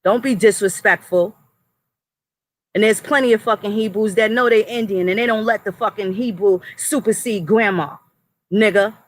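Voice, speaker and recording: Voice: mid-range voice, moderate pace, rough recording. An adult livestream host ranting angrily at the chat and moderators, with heavy profanity and threats. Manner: addresses chat and moderators directly. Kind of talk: angry livestream rant to chat.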